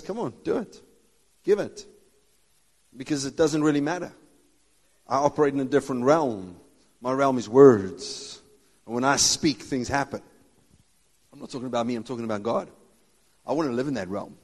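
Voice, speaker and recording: A man preaching a sermon as a pastor, joking and laughing often and acting out Bible dialogue in different voices. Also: mid-range voice. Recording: long reverb of a large hall.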